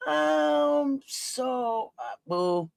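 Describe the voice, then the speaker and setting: Brief: profane sports commentator, fiery, lively pitch, dry room. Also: very slow, creaky, clean tone, no room sound. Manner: fiery, profane, swings from quiet to shouting. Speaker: sports talk host. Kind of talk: heated casual commentary.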